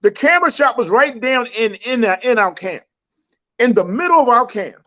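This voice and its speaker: Man, high voice, rambling and halting, muffled lo-fi sound. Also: animated, sharp tone. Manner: rambling, many fillers and restarts, laughs often. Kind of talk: casual podcast talk.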